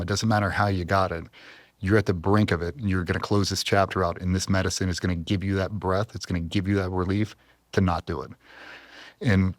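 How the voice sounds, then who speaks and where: Casting: low-voiced man, podcast guest, earnest and intense storytelling, dry studio sound. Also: dry recording. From US East Coast. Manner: intense, heartfelt, emotional. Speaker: podcast guest, former Navy SEAL.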